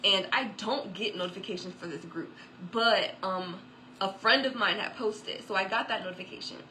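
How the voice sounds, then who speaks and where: A woman's voice: mid-range voice, normal speed, sharp tone, slight background noise, low-quality recording. A woman telling a personal faith testimony in a chatty way, with many fillers and asides. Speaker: author giving a testimony.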